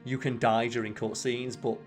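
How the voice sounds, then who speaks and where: A man's voice: medium pitch, little pitch movement, moderate pace, faint music behind. A man hosting a let's play, chatting casually and rambling as he swears freely over the game. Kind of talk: casual gaming chat.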